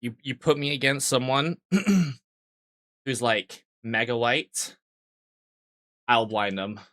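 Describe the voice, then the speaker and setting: Young dude streamer rambling at chat, crude jokes, bright voice, dry mic. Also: male voice, mid-range voice, takes it slowly, no echo. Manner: rambling, crude joking banter reading chat. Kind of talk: casual live-stream chat with viewers.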